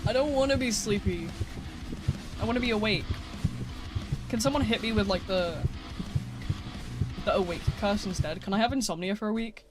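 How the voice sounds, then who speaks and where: A man chats casually while streaming a game, his voice sitting high for a man. He jokes around with viewers in a playful, mock-dramatic way. Faint music plays quietly behind him. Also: normal speed, long pauses. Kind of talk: casual live-stream chat while gaming.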